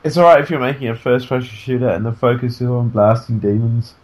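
A man co-hosting a casual podcast from bed, sleepy and yawning, talking in an animated, joking way that trails off and restarts. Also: mid-range voice, fast talker, lo-fi sound. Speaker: podcast co-host. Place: in bed at home.

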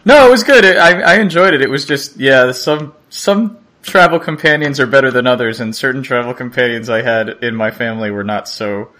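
A man co-hosting a podcast, chatting casually in a rambling, halting way and laughing often. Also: mid-range voice, animated, sharp tone. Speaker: podcast co-host. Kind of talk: casual chat.

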